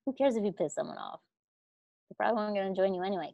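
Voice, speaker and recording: A woman's voice: mid-range voice, animated, racing, gravelly, dark tone, no echo, muffled recording. Blunt, slangy woman coach. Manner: blunt, slangy, swears freely. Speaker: guest coach. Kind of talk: casual podcast chat.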